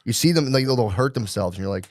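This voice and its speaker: A middle-aged man co-hosting a podcast in casual chat. He rambles and swears freely, and he drops to low mutters when he quotes his own thoughts. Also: animated, fast talker, no room sound. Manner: rambling, profane, drops to muttered asides when quoting himself. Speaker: podcast co-host.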